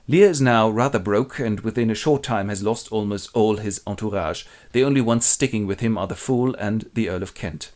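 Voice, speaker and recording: A man telling a classic play as comedy with toy figures, in a wry, deadpan way. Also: medium pitch, a little fast. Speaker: presenter retelling a play. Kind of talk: comic storytelling with toy figures.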